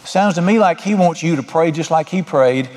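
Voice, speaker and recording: Pastor, male, somewhat high voice, folksy conversational sermon, long reverb from the sanctuary. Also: normal speed, a little mellow. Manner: folksy, conversational preaching with repeated "all right".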